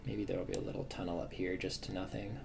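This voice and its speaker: A man's voice: flat delivery, fast talker, gravelly. A man streaming live as a game developer, chatting casually and thinking aloud as he works, with lots of fillers and restarts. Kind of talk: casual livestream commentary while working. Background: faint drum and bass music.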